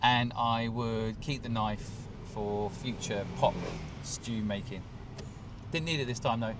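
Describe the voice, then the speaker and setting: Casual, joking man hosting a live stream outside. His voice sits at an ordinary middle pitch. Steady traffic and city noise fill the background. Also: slow. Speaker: host. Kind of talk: live street stream chat. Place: outdoors on a city street.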